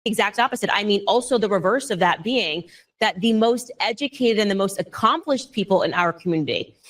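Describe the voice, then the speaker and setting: Emphatic female interviewee, opinionated, mid-pitched speaking voice. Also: a little fast. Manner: emphatic, mimics others in high voice. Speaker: guest in interview clip.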